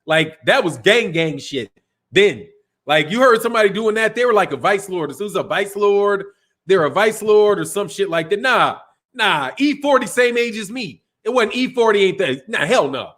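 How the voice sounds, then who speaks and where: A man's voice: sits high, lively intonation, normal speed, fairly bright tone. A middle-aged man from Chicago hosting a boxing live stream in a loose, slangy, casual chat, laughing often. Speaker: boxing channel host.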